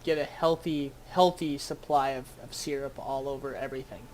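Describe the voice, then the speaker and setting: A game master narrating a tabletop game scene, halting with many fillers and restarts. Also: mid-range voice, steady tone, darkish tone, a little hiss or hum.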